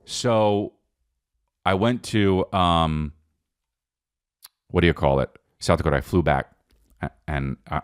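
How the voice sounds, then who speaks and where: A male comedian with a low voice that swings wildly up and down as he rants, swearing freely and calling everyone dude in a loose, rambling monologue. he keeps bouncing between big excited jumps and mumbled asides. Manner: animated, profane, addresses listener as dude. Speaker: comedian podcast host.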